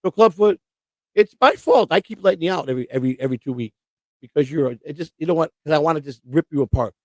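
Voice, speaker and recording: Middle-aged guy ranting on his live stream, kinda high voice, dry close sound. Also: animated, fast, a little mellow, dry recording. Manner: rambling, combative and boastful. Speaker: livestream host. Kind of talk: casual live-stream chat.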